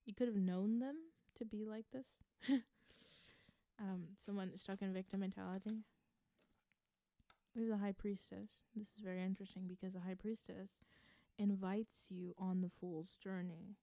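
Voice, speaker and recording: A woman giving a casual tarot reading, musing aloud with fillers and soft asides. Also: mid-range voice, fairly even intonation, normal speed, no room sound. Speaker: tarot reader.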